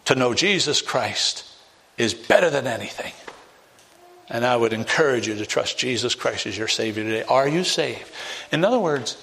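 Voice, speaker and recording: A man's voice: medium pitch, animated, normal speed, vocal fry, fairly bright tone. A man preaching an evangelistic sermon, pressing listeners with direct questions and rising to emphatic peaks.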